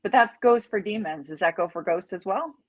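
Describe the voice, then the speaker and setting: A woman's voice: medium pitch, expressive, brisk. Woman co-host with crowd behind. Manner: brief encouraging interjections. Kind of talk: casual chat.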